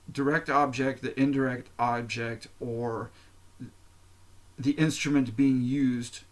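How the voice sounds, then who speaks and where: A man hosting his own podcast, talking alone in a candid, profane, rambling way. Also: medium pitch. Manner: candid and profane, explains at length with fillers. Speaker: podcast host. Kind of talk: casual solo monologue.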